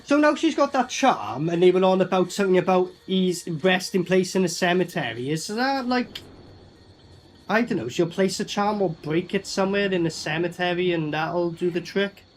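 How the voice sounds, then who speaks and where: A man's voice: high voice, expressive, moderate pace, a little hiss or hum. Blunt, sweary man reacting to a film. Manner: blunt, sweary running commentary. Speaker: movie reviewer. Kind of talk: casual film reaction commentary.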